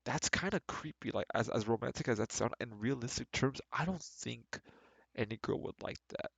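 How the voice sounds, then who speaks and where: Gravelly-voiced man mocking a book. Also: medium pitch, moderate pace, fairly bright tone, dry recording. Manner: sarcastic, mocking and exasperated. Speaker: streamer reading a book aloud. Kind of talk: reading aloud with critical commentary.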